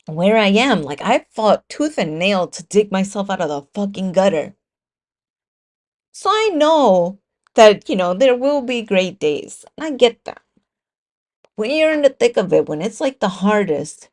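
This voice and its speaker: A woman's voice: medium pitch, expressive, unhurried, darkish tone. A woman hosting her own podcast, talking alone in a raw, confessional way and swearing freely. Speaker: podcast host. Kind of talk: candid solo podcast monologue.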